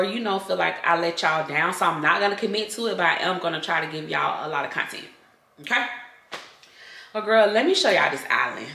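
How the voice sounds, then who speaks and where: A woman's voice: lowish voice, vocal fry, bright, forceful tone. A woman, chatting casually to her viewers in a home vlog and calling them y'all and girl. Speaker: vlogger. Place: at home, in a walk-in closet. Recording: echoey home room, faint music.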